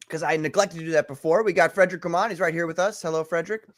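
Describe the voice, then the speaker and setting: Higher-voiced man hosting a livestream. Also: brisk, a bit bright. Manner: chatty, greets chat names one by one. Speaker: podcast host. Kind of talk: casual livestream chat.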